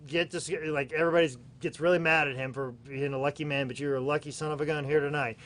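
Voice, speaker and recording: Excitable stammering man in his forties. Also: fairly high pitch, fast talker, hardly any pauses. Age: 40s. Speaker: host and auctioneer. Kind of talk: casual live-stream chat.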